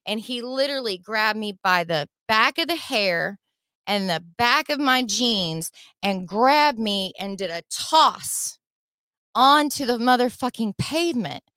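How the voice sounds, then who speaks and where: A middle-aged woman telling a personal story as a podcast guest, in a heated, profane and animated way. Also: fairly high pitch, unhurried, dry recording.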